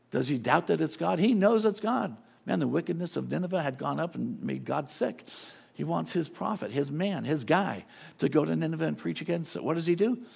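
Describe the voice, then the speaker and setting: A man's voice: on the high side, fairly quick, gravelly, slightly rough. A middle-aged man preaching a sermon as a guest speaker, emphatic and casual, often repeating his phrases.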